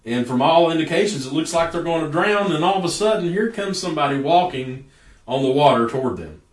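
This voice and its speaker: A man's voice: on the high side, expressive, fairly quick. A man preaching a sermon in a folksy storytelling way, stretching out words for emphasis. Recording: echoey room from a distance.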